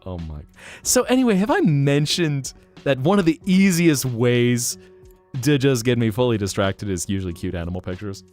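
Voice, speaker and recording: Animated, chatty male streamer. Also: medium pitch, soft background music. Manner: animated, chatty, quick to gush and laugh. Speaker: live streamer. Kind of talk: casual live-stream chat.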